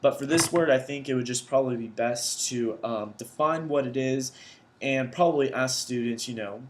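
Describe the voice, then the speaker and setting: A young man talks through vocabulary terms for a class assignment, at a middle pitch. He explains casually and thinks aloud as he goes, recorded indoors at his computer. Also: moderate pace. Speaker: education student presenting vocabulary.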